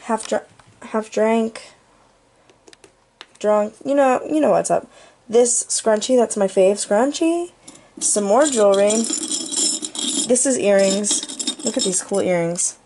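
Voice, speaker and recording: A woman's voice: medium pitch, lively intonation, slow, pauses often, dark tone, a little hiss or hum. A young woman giving a goofy, playful tour of her bedroom for her channel, tossing in jokey asides. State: out of breath. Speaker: vlogger. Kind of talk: casual room tour.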